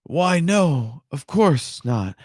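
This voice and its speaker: A man's voice: on the high side, big pitch swings, drawn-out words, darkish tone, no room sound, clean studio sound, pitched above the performer's own voice, full character voice. A man doing a coy young woman. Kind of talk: audiobook reading with character voices.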